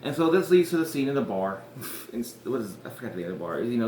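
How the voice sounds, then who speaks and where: A man's voice: fairly low pitch, expressive, quick pace, a little mellow. A man hosting a podcast, recapping an episode in casual chat, rambling, swearing and laughing often. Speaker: podcast host. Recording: echoey room with faint noise.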